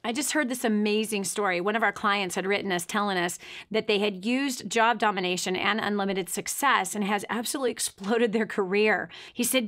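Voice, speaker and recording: Radio host, woman, passionate preacher-like delivery, bright tense tone, slightly high. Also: expressive, a little fast. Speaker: radio talk show host. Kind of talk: motivational radio talk.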